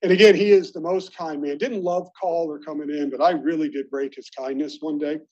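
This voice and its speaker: Husky middle-aged man telling anecdotes. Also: fairly high pitch, fairly even intonation, a little fast, darkish tone. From Baltimore, United States. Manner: conversational storytelling, self-deprecating. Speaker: alumni meeting speaker. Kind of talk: anecdotal speech to colleagues. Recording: dull lo-fi recording.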